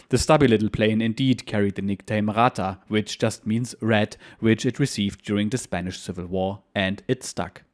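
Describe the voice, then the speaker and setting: A man with a fairly low voice reads a first-person war memoir, steady and measured. Between the readings he speaks as the channel's host in the same even manner.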